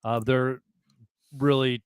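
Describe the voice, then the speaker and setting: A man's voice: medium pitch, level tone, slow pace, clean tone, no echo, studio quality. A man co-hosting a podcast in casual chat, easygoing and enthusiastic. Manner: easygoing, enthusiastic, many restarts. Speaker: podcast co-host.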